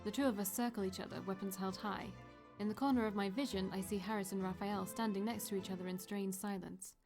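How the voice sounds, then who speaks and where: A woman streamer reads a fantasy visual novel aloud in a steady first-person narration. Her voice sits at a middle pitch, and she drops in brief asides of her own. Faint game music plays underneath. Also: fast. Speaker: let's play streamer.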